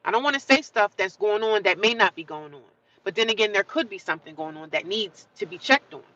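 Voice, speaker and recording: A woman talks into her phone on a casual livestream, her voice bright and forward. She chats loosely with her viewers, greets them by name and repeats phrases as she works through her thoughts. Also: medium pitch, animated, brisk, muffled recording. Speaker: livestream host.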